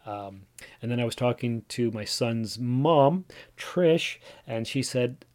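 A man's voice: mid-range voice, lively intonation, slow pace, darkish tone. A man in his forties hosting a solo podcast, talking casually in a rambling, self-deprecating way with frequent restarts. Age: 40s. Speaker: podcast host.

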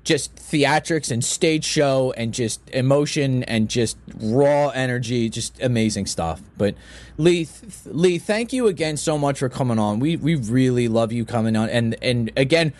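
A man co-hosting a podcast, telling stories in casual chat and acting out quoted voices with big jumps in pitch. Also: lively intonation, measured pace, a little mellow, dry recording. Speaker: podcast co-host.

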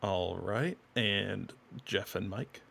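A man hosting a casual trivia podcast, reading questions in a relaxed, plain way. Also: lowish voice, takes it slowly, creaky, husky. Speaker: quiz host.

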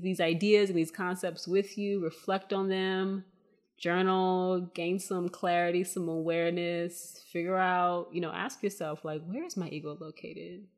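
A woman hosting a spiritual podcast, talking casually to her listeners in a soft, meandering way with many fillers and calling them y'all. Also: lowish voice. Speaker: podcast host.

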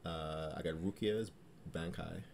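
Deep-voiced male podcast co-host. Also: a little slow, gravelly, a little hiss or hum. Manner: relaxed, hesitant, lots of ums. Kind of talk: casual chat.

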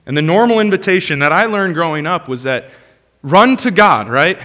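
A man preaching with passion, his bright, forceful voice rising to loud bursts and then falling to soft, hushed lines. He speaks a little higher than most men. His sermon rings out in a large sanctuary with a long hall reverb. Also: very animated, a little fast. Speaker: pastor.

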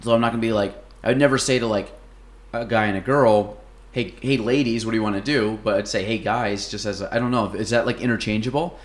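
A man's voice: on the low side, fairly even intonation, quick pace. A young man hosting a podcast, chatting casually and rambling with lots of fillers and restarts. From North Country, New York. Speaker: podcast host. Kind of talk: casual chat.

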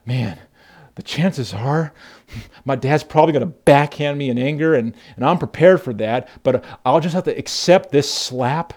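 A man's voice: medium pitch, normal speed, a little mellow, natural voice. A man voicing a remorseful young son questioning himself anxiously. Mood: resigned.

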